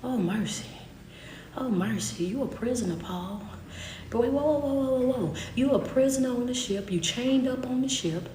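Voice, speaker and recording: Brief: woman preacher, high bright voice, fervent repeating cadence, roomy echo with light hum. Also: normal speed. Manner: impassioned call-and-response preaching, repeating phrases. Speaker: motivational speaker and preacher. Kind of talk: sermon.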